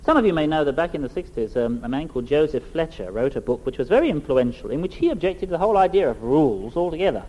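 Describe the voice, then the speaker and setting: A middle-aged man preaching a sermon in a measured, emphatic way, with a fairly high voice that rises and falls widely. His tone is mellow and dark rather than bright. He leans on rhetorical questions and steady phrasing. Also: poor audio. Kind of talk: sermon with scripture reading.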